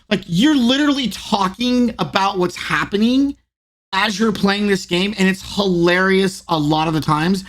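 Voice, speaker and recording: A male podcast host in casual chat, talking in an animated way and mimicking others when he quotes them. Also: high-pitched, moderate pace.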